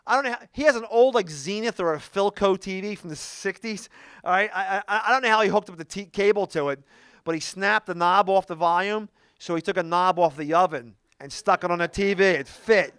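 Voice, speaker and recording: A middle-aged man doing a stand-up comedy routine, telling stories in an animated way with quick asides. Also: high-pitched, clean tone, no room sound, studio quality. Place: comedy club stage.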